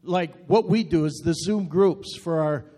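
A man's voice: on the high side, measured pace, mellow. A man preaching a sermon as pastor, making earnest, direct appeals in short repeated phrases. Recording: long reverb.

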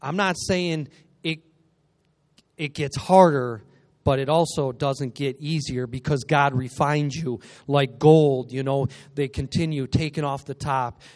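A man preaching a lively sermon in a church, energetic and joking, calling out to the congregation. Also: mid-range voice, a little slow. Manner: energetic, joking, call-and-response. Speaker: guest preacher.

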